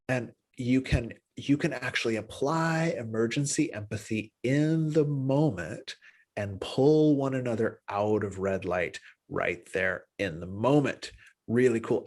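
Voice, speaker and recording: A man teaching a class on empathy, talking loosely with many restarts and "right?" tags, jumping up in pitch to act out little dialogues. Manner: animated, acts out little dialogues with pitch jumps. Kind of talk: spoken class lecture.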